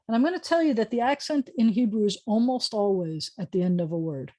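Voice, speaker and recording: A woman's voice: mid-range voice, animated, quick pace, hardly any pauses, dark tone. A woman rabbi teaching a beginners' Hebrew lesson over a video call, patiently sounding out words with chatty asides.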